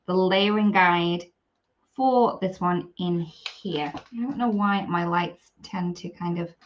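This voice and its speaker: A woman's voice: fairly low pitch, slow pace, highs cut off, slight background noise. A woman demonstrating craft products on a live stream, chatty and apologetic as she works. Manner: chatty, apologetic, talks while working.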